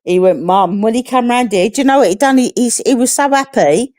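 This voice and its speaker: A woman's voice: fairly high pitch, brisk, darkish tone. A middle-aged woman from England in casual chat on a live stream, frank and chatty, swearing freely.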